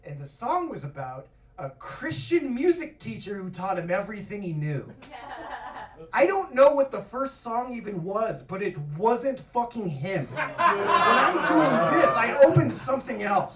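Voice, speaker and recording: Animated male comic on a roomy stage. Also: extremely high pitch, measured pace, a loud crowd, very noisy. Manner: animated, acts out quoted voices, swears freely. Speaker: stand-up comedian. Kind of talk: stand-up storytelling. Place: comedy stage before a live audience. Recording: echoey room from far off, audience laughter.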